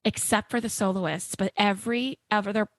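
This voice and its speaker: A woman podcast co-host in casual chat, excitable and giggly. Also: mid-range voice, moderate pace, dry recording.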